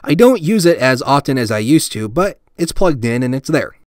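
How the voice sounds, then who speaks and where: Chatty male tech vlogger, lively pitch. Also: moderate pace, no echo. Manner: relaxed and self-deprecating, with many fillers. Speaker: tech channel host. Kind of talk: casual tour vlog with voice-over.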